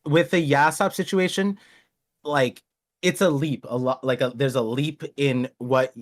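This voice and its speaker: A man's voice: medium pitch, fairly even intonation, a little slow. A man hosting a podcast in casual chat, rambling with many restarts and acting out characters. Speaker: podcast host.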